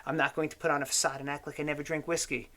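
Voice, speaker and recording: A man's voice: on the high side, very fast. Rambling, profane man. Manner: rambling, profane, animated storytelling. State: tipsy on whiskey. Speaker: show host. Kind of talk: casual political chat.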